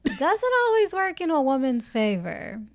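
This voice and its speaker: A woman co-hosting a relaxed book-club chat, her voice on the high side. She speaks slowly and drops dry, wry quips about the story. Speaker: podcast co-host.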